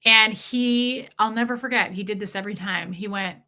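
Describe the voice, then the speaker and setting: A woman frankly telling a painful personal story, uneasy and halting at times, with some swearing. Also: medium pitch, bright, forceful tone. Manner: uneasy, halting and self-correcting.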